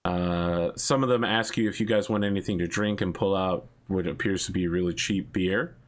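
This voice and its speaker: Low-voiced man running a tabletop game. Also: fairly even intonation, normal speed. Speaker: game master.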